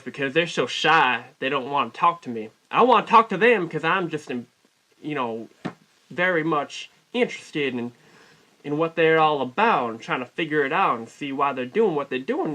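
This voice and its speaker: A man telling a rambling, mock-folksy comic story in a put-on Southern US drawl, deadpan and constantly correcting himself. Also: on the high side. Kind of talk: deadpan comic character monologue.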